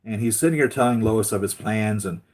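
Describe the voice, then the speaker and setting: Rambling, low-voiced male channel host. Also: fairly quick. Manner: rambling, many fillers and restarts. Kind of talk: casual chat.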